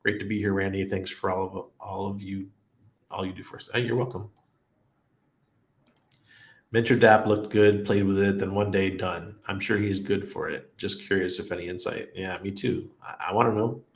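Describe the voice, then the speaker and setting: A man's voice: deep voice, fairly even intonation, normal speed. A middle-aged man hosting a casual crypto livestream, reading viewer comments and rambling through anecdotes with frequent laughs. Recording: roomy echo.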